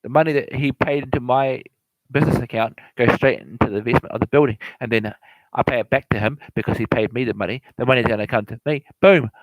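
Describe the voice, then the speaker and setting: Fast-talking rambling man. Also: mid-range voice, no echo, poor audio. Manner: repetitive, stumbling, laughs often. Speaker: real estate explainer. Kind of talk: casual rambling explainer.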